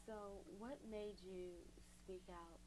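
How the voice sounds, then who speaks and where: Soft-spoken woman interviewer. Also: mid-range voice, steady tone, slow, noisy background. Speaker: interviewer, host. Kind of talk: interview questions and backchannel.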